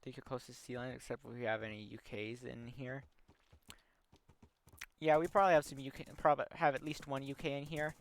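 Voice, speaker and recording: Chatting casually on a game livestream, a young man spins long, rambling stories crammed with ums and likes. His voice is medium-pitched with little pitch movement and runs a little fast, and there's slight background noise.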